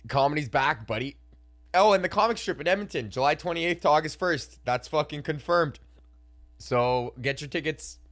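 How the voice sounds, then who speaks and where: A young man from Canada rants through a solo podcast with a slightly high voice. He swears constantly, laughs at his own stories and slips into put-on voices for the people he describes. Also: expressive, moderate pace, fairly bright tone. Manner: profane, laughing, acts out customers in voices. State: hiccuping. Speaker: podcast host and comedian. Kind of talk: casual solo podcast rant.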